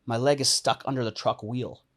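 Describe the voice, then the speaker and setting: A young man tells a personal story on a podcast with lots of energy. He laughs often and jumps into the voices of the people he is describing, so his delivery swings and stays lively. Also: mid-range voice, moderate pace. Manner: animated, laughs often, acts out quoted lines. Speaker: podcast guest, entrepreneur and coach. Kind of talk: casual storytelling interview.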